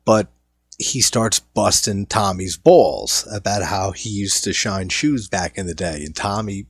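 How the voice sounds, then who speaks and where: A man's voice: low-pitched, measured pace, husky, dry recording, studio quality. A man hosting a casual film commentary, enthusiastically recounting scenes and often laughing. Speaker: film review host.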